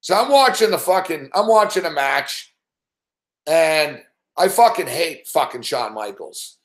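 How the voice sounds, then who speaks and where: A man's voice: on the high side, unhurried, roomy sound. A man hosting a sports betting show, ranting profanely and animatedly on a live stream. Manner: swears constantly, animated, acts out scenes.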